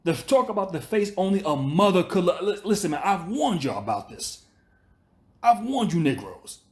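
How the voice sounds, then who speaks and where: A man's voice: high voice, sing-song, normal speed, a little mellow. A man hosting a commentary channel, delivering a profane, scolding rant that circles back on itself and repeats his points. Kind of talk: ranting commentary monologue.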